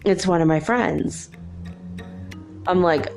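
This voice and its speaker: A woman hosting a talk show, telling a story casually, chatty and laughing often as she quotes people in lively voices. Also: fairly low pitch, slow pace, gravelly, soft background music. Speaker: podcast host.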